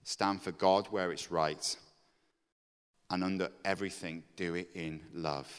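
A man's voice: low voice, fairly even intonation, measured pace, clear, resonant tone. A man giving an earnest sermon to a congregation, candid about his own faults and rising to emphatic exhortation. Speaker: preacher. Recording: long reverb of a hall.

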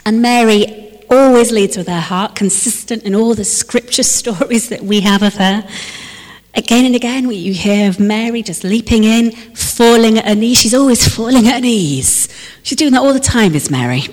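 A woman preaching a sermon. She moves between lively emphasis and hushed, slowed reflection. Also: fairly high pitch. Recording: long reverb of a large hall.

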